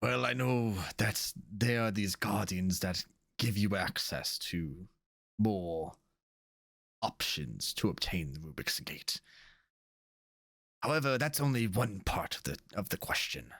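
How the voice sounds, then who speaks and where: A man voicing an emotional, secretive old male crewman who talks in hushed tones. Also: fairly low pitch, animated, slow pace, gravelly, no echo, studio quality, exaggerated voice. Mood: earnest. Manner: hushed conspiratorial whispering.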